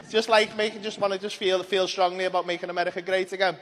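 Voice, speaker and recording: A man talks in a very high voice, mocking someone with crude, laddish banter. His voice echoes with a long tail. A faint ambience hums behind him. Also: level tone, fast talker, few pauses, a bit bright, slight background noise. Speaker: mocking interviewer. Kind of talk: comedy sketch.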